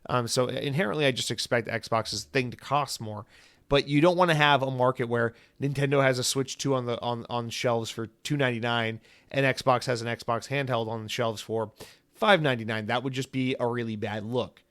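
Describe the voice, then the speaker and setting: A male podcast host talks alone in a loose, chatty monologue that drifts into silly asides. His pitch sits at a medium height for a man, and his delivery stays easygoing and conversational. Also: fairly even intonation, moderate pace, fairly bright tone. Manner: rambling, jokey, full of comic tangents. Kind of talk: casual solo podcast monologue.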